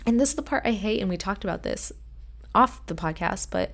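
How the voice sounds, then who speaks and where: A woman's voice: medium pitch, brisk, vocal fry. A woman co-hosting a podcast, casually recapping a TV episode and animatedly acting out the characters' lines. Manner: animated retelling of scenes, acting out quotes. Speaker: podcast co-host.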